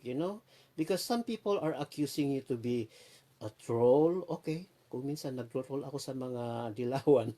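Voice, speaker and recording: A Filipino man talks casually on his livestream, wandering from topic to topic. His voice sits at an ordinary pitch and sounds dark and mellow. He greets viewers by name as he goes. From Philippines. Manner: rambling, switches between Tagalog and English, greets viewers by name. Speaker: livestream host.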